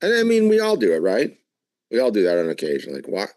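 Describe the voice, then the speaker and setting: A man co-hosting a live Bible study, talking in an animated, emphatic way and asking lots of questions. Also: on the low side, fast talker, no room sound. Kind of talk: casual Bible study discussion.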